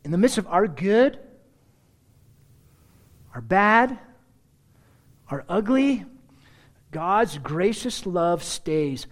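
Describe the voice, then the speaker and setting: Animated man preaching a sermon. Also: high voice, very slow, long pauses. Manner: animated storyteller, conversational asides, frequent throat-clearing. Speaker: pastor. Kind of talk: sermon with personal stories.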